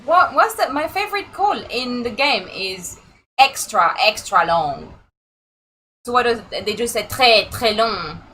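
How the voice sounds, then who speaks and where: Bright-voiced French woman chatting over gameplay. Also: a little high, unhurried, a little hiss or hum, low-quality recording. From south of France. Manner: chatty, animated, laughing asides. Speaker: streamer. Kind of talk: casual gameplay commentary.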